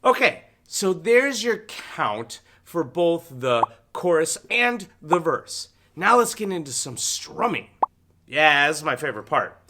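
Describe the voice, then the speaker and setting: A man's voice: a little high, big pitch swings, a little slow, noisy background. A man teaching a beginner guitar lesson, counting beats aloud and singing short lyric lines. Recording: loud guitar music under the voice.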